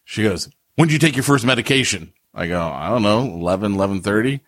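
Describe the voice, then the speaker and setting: A man co-hosting a podcast, telling stories in a relaxed, chatty way. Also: on the low side, fast, no room sound, clean studio sound. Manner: relaxed, chatty storyteller who laughs easily. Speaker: podcast co-host. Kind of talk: casual chat.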